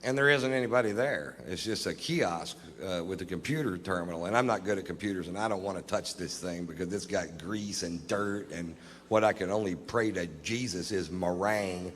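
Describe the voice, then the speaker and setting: A man's voice: sits low, normal speed. A middle-aged man doing profane stand-up storytelling on a live stage, laughing at his own lines. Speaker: stand-up comedian. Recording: reverberant live stage with faint background noise.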